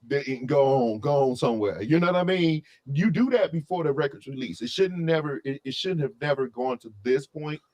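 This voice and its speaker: A man co-hosting a casual album review, talking in an opinionated, animated way full of asides and restarts. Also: on the high side, normal speed, few pauses.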